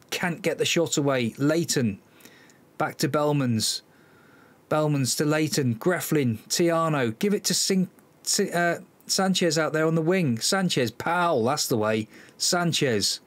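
A man's voice: fairly high pitch, slow pace. A man hosting a football management let's-play, commenting live on the match, exasperated and sighing, talking to his players. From Cornwall, England.

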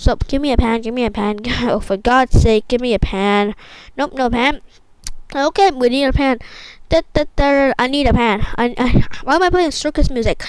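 A young woman commentating her own gameplay, excitable and repetitive, often exclaiming. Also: on the high side, normal speed, clean tone, no room sound, poor audio. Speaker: gaming YouTuber.

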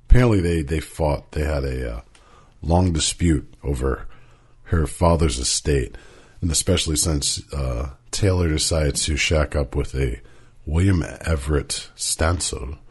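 A man with a very low voice and a husky edge co-hosts a casual podcast. He recounts history loosely, laughs often and throws in jokes. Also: darkish tone. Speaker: podcast co-host. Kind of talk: casual chat.

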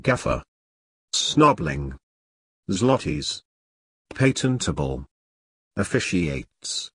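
Slow, husky man reading single words. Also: low-pitched, fairly bright tone, dry recording. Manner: isolated words, each spoken separately with a pause. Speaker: vocabulary reader.

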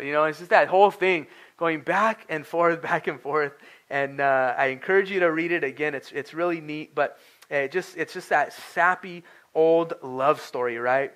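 A man's voice: fairly high pitch, normal speed, a bit bright. A young adult man delivering a sermon as a pastor, in an earnest, conversational way, with many fillers and restarts. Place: church sanctuary.

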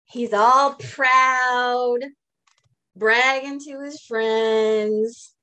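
A woman museum educator, reading a picture book aloud to children in a playful, gentle way. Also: fairly high pitch, steady tone, extremely slow, clean tone. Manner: playful, gentle, talks to kids.

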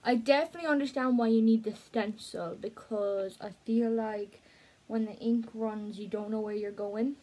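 A young woman chatting casually to the camera, excitable and giggly, slipping between bubbly chatter and hushed asides. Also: a little high, moderate pace, very noisy. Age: young adult. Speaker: art student vlogger.

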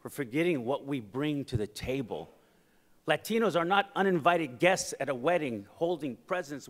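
A man with a fairly high voice gives a keynote speech at a conference. He tells personal stories, sometimes dropping quiet and sometimes rising to loud, emphatic points. The hall has a long reverb. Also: expressive, moderate pace. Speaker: keynote speaker. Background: audience laughter.

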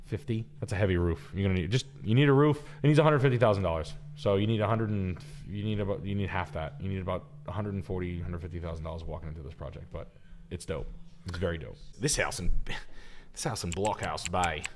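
A lowish-voiced man in his thirties hosting a casual show, firing off blunt, profanity-laced verdicts. He talks in quick bursts and restarts, then drops into mumbled asides. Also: a little mellow. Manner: blunt, profane, rapid-fire opinions. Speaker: host reviewing house listings. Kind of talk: casual podcast chat.

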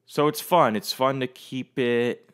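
A man's voice: mid-range voice, a little slow, a bit bright, clean tone. A man hosting his own podcast, chatting alone in a loose, rambling way with plenty of swearing. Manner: rambling, profane, easygoing. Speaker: podcast host. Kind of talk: casual solo chat.

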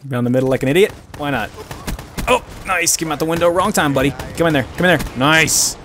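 A man giving casual, self-mocking commentary over his own gameplay, with excitable outbursts and muttering. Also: a little high, a little fast, slight background noise. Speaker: gaming commentator.

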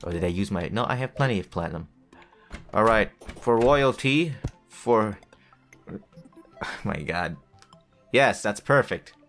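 A man's voice: on the low side, expressive, takes it slowly, pauses often, a bit bright. Male gamer, rambling self-talk with jokey asides, faint game music underneath. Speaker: gaming video creator. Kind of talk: casual gameplay commentary.

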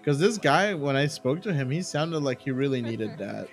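A man's voice: medium pitch, expressive, normal speed, faint music behind. Rambling man telling a story on stream. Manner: rambling, self-correcting with many "you know" and "like". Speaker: streamer hosting a live game stream. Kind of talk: casual storytelling chat.

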